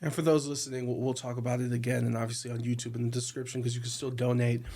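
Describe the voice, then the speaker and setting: A man's voice: medium pitch, flat delivery, racing, dark tone, breathy edge. A man hosting an interview, asking questions in a loose, self-aware way. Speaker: interview host. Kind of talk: casual interview.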